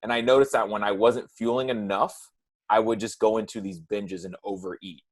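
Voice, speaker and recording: A man's voice: fairly low pitch, a little fast. A man who works as a nutrition coach, talking casually on a podcast and often adding "right?" and "like". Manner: relaxed, says "right?" and "like" often.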